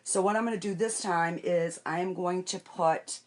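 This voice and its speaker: A woman's voice: on the low side, steady tone, moderate pace. An older woman chatting casually on a makeup live stream, rambling through her day and greeting viewers by name. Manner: talks while wiping her face and doing makeup. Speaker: makeup vlogger.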